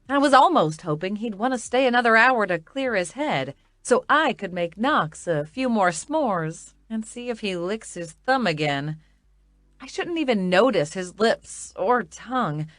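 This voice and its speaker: A woman's voice: medium pitch, fairly bright tone, no room sound, studio quality. A woman narrating a romance audiobook in the first person, with a wry, conversational inner-monologue manner.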